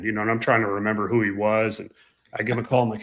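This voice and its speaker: A man co-hosting a casual podcast, telling emphatic, animated anecdotes about flying. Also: on the low side, racing. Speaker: podcast co-host and pilot. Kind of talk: casual chat, storytelling.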